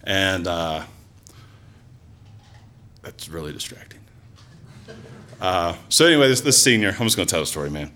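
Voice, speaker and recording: A man telling a personal story live to an audience, in an animated, conversational way with lots of asides and fillers. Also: low-pitched, fast talker, few pauses. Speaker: storyteller, former teacher.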